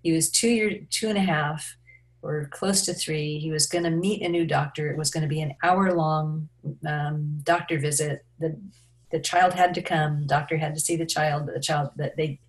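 A woman who is a parenting expert, speaking as a guest in an interview and telling stories in an animated way with frequent restarts. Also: deep voice, moderate pace. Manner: animated storytelling with many restarts. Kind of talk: interview conversation.

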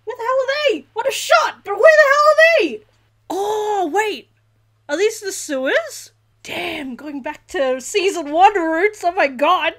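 A woman hosting a reaction video, excitable, often laughing and shouting as she reacts. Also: very high voice, unhurried.

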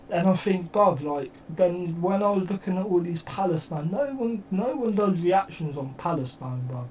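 An English man with a fairly high voice, talking through a reaction video in loose, slangy, emphatic bursts. He sits a little back from the mic, so he sounds slightly distant. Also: a little mellow, slight background noise. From England. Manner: rambling, slangy and emphatic, swears a lot. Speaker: reaction YouTuber. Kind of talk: casual reaction commentary.

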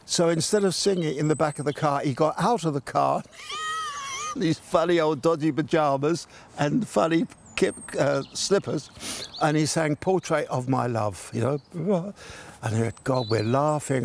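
A man's voice: mid-range voice, moderate pace, creaky, a little hiss or hum. An older man telling a funny story in a chatty way, laughing as he goes and acting out the voices of the people in it. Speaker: guest telling an anecdote. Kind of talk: casual storytelling.

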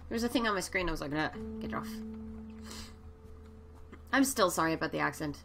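A woman commenting on a horror game as she plays, excitable and jumpy, swearing and shrieking at scares and reading the game's text aloud. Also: low voice, a little fast, gravelly, music in the background. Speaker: let's play gamer. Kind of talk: let's play commentary.

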